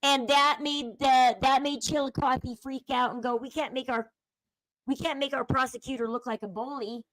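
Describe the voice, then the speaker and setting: A woman talking casually as host of a commentary channel, chatty and speculative, dropping to a low murmur when she quotes people. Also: fairly even intonation, moderate pace, a bit bright, dry recording, poor audio. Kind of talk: casual commentary over a video clip.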